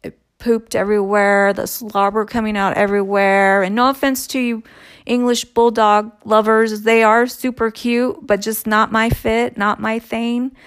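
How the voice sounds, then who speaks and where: A woman telling a personal story in a casual, unhurried way, pausing and sighing between thoughts. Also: fairly high pitch, flat delivery, clean tone, no room sound, studio quality. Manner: slow, unhurried, with sighs and trailing pauses.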